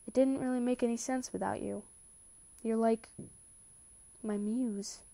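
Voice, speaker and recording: Earnest young man, gentle and sincere, read by a woman, higher-pitched than usual for the part, mellow tone. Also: steady tone, measured pace, gravelly. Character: young man, tender and determined.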